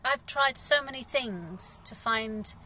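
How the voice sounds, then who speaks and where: In a candid, meandering vlog, a gardener from England vents her frustration with frequent sighs and fillers. She speaks slowly in a fairly high, sharp voice, and the poor audio carries a little hiss or hum.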